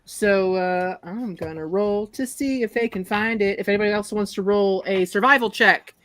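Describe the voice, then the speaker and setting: A woman's voice: mid-range voice, moderate pace, fairly bright tone. A woman running a tabletop game as game master, narrating scenes vividly and laughing with her players over a call. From Ireland.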